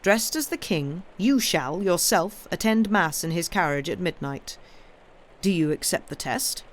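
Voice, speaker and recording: A woman's voice: on the low side, animated, measured pace. A woman reading the lines of a stern, commanding male duke in a storybook reading. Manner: harsh, commanding.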